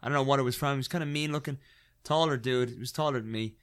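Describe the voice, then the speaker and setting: A man in his thirties, a former fighter, telling a story in an animated, rambling way full of "like" and "right?". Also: medium pitch, very fast, clean tone. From Ireland. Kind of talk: casual storytelling.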